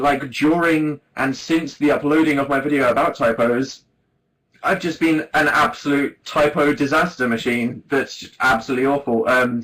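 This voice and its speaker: A man's voice: mid-range voice, a bit bright, rough recording. A man in his twenties hosting a casual livestream, rambling and self-deprecating, laughing often into a webcam mic. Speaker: livestream host. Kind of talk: casual chat to viewers.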